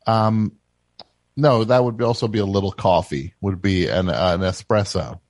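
A man hosting a call-in comedy radio show, asking deadpan, halting questions. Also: low-pitched, no echo. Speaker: host. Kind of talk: casual call-in radio chat.

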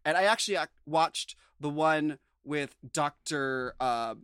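A man's voice: a little high, measured pace, a bit bright, smooth, no room sound, clean studio sound. A man co-hosting a casual recap podcast, rambling with lots of "like" and "um". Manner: rambling, full of fillers like "like" and "um". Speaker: podcast co-host.

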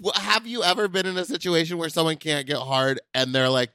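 A podcast co-host chatting in a playful, animated way with bursts of laughter. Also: mid-range voice, fairly quick, clean tone, dry recording. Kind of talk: casual podcast chat.

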